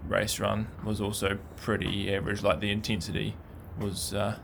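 Kiwi man, low gravelly voice, casual pundit chat with faint room hum behind. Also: level tone, normal speed, fairly bright tone. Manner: thoughtful, hesitant, many fillers. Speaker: downhill racing pundit.

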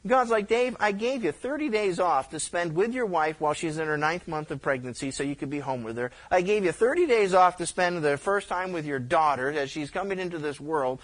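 A man's voice: fairly high pitch, brisk, few pauses. A middle-aged male pastor preaching a conversational sermon, telling stories with frequent restarts and stammers. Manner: conversational, animated storytelling with repeated restarts.

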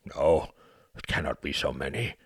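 A man's voice: rumbling low, moderate pace, breathy edge, no echo, studio quality, heavily acted. A man voicing a blunt, scornful aging British statesman in an audiobook, arguing emphatically. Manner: emphatic, lively argumentative delivery. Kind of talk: audiobook character reading.

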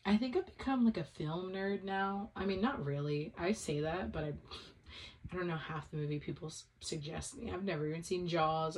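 Young adult woman, slightly low voice, loose rambling solo-podcast host with casual swearing. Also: dark tone. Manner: rambling, full of "like" and "um", swears freely. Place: at home.

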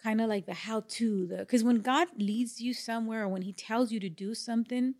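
Lively woman telling a faith testimony. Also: a little high, a little fast. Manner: animated storyteller, acts out quotes, laughs often. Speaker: podcast co-host and pastor. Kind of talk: testimony in casual podcast chat.

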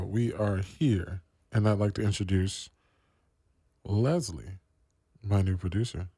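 A man's voice: fairly low pitch, slow, pauses often, warm tone, slightly rough, dry recording, studio quality. A man from the East Coast of the US hosting a radio show, talking casually and slangily with many fillers.

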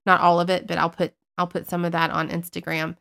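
A woman co-hosting a casual podcast about paranormal investigation, telling her stories in a chatty, animated way and poking fun at herself. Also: lowish voice, a little fast, creaky. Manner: chatty, animated storytelling, self-mocking. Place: based in Northeast Florida.

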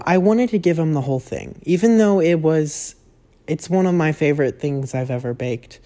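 Rambling alone on his podcast, this young man chats along, corrects himself often and swears without restraint. The voice is a little high with a slightly mellow quality.

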